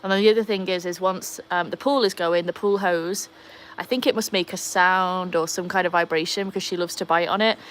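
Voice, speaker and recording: A woman's voice: on the low side, fairly even intonation, brisk, a bit bright, a little hiss or hum. A Welsh woman hosting a casual live stream from beside a backyard pool, reading out viewer comments and talking to her dogs. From Wales. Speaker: livestream host.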